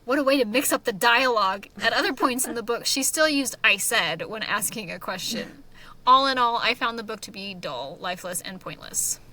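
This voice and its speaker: A woman co-hosting a podcast, chatting casually and reading book reviews aloud with lively, giggly asides. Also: a little high, low-quality recording. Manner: animated, giggly, quick asides. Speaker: podcast co-host.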